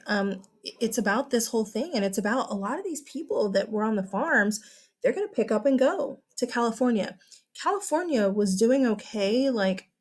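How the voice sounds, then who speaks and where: A young woman with a Texan accent and a medium-pitched voice teaches a recorded history lesson. Her delivery is chatty, animated and exclamatory.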